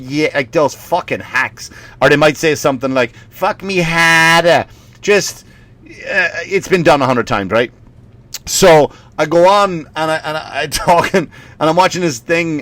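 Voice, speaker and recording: A man's voice: a little high, fairly bright tone. An Irish man, a stand-up comedian, ranting in a rambling way, swearing often and laughing at his own stories. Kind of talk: comedic rant.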